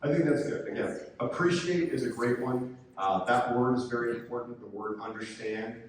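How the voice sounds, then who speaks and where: A man giving a calm, coaching conference presentation, sometimes acting out angry coaches. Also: medium pitch, normal speed. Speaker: presenter, sports official. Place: conference room. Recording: echoey hall from far off, faint noise.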